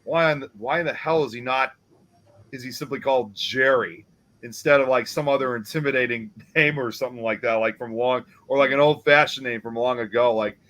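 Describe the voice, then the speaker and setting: A man hosts a casual podcast about movies, talking in a chatty way and laughing through his points. His voice sits at an ordinary pitch for a man. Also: a little fast, a bit bright, poor audio. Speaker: podcast host. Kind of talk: casual chat about a film.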